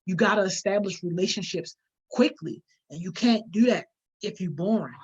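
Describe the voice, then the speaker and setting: A woman's voice: medium pitch, normal speed, husky. A woman teaching public speaking in a live online workshop, talking in an emphatic, conversational way with everyday slang. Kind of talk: live-streamed workshop, reading viewer comments. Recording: dull lo-fi stream audio.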